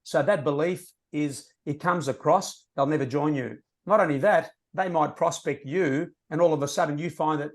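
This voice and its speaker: A man's voice: fairly high pitch, a little fast, few pauses. A man talking passionately and emphatically on a team training call, sharing prospecting tips.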